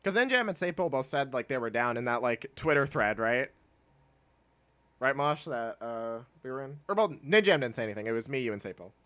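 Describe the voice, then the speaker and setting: A man's voice: medium pitch, expressive, brisk, bright, forceful tone. Chatty young man streaming a game. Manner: laid-back, chatty, laughs often, reads chat aloud. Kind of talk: casual livestream chat while gaming.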